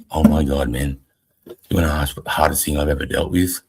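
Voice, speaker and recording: A middle-aged Australian man with an extremely low voice and a heavily husky, raspy tone. He tells an army story bluntly and swears freely, like a veteran hosting a casual live chat. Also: fairly even intonation, brisk, darkish tone, low-quality recording. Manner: profane, blunt war-story telling.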